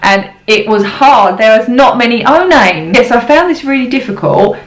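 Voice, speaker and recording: A woman's voice: a little high, expressive, moderate pace. A young woman, a mother, chatting casually to camera with frequent ums and little giggles. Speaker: parenting vlogger. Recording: roomy echo.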